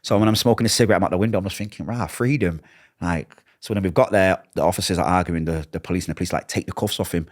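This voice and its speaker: A man's voice: low voice, fairly even intonation, very fast, hardly any pauses. A middle-aged man with a Manchester accent, telling his own life story in an interview and acting out the conversations he recalls. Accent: Mancunian English. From Manchester, England. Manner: emotional, vivid retelling with acted-out dialogue. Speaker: interview guest.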